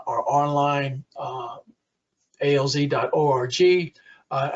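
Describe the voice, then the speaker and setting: A man's voice: fairly high pitch, lo-fi sound. A man giving a conversational webinar presentation for caregivers, with frequent fillers.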